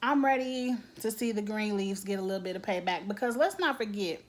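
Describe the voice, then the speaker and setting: A woman's voice: medium pitch, a little fast. A woman giving a casual, blunt TV episode recap, acting out characters' lines with lots of slang. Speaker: TV recap vlogger.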